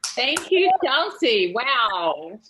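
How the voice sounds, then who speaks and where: An older woman with a bright, forceful voice performs stand-up over a video call. She tells her stories with lively acted-out voices and frequent laughs. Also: on the high side, very slow, a little hiss or hum. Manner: animated storyteller, acts out voices, laughs often. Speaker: stand-up comedian. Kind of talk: stand-up comedy storytelling.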